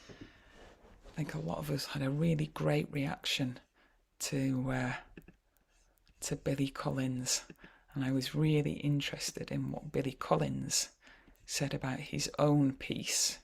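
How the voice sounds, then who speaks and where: A woman with a Yorkshire accent leads an online poetry workshop, talking in a chatty, wry way with plenty of hesitations. Her voice has a gravelly, husky edge, and she comes through a video call. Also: low voice, level tone, takes it slowly, a little mellow.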